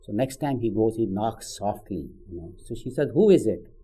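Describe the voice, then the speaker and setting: A man's voice: on the low side, normal speed, warm tone, slightly rough, soft background music, poor audio. A man giving a conversational spiritual talk, telling a story with frequent "you know" asides. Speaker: spiritual teacher. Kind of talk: sermon with storytelling.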